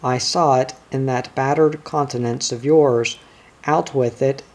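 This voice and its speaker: Prim, exasperated schoolmaster voiced by a male reader, mellow tone, unhurried. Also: mid-range voice, steady tone. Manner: prim, scolding.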